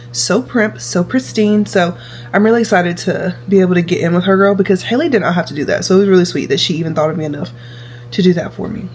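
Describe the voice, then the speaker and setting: A chatty woman in her 20s records a casual vlog in a medium-pitched voice, with slight background noise. She is animated and tends to repeat herself.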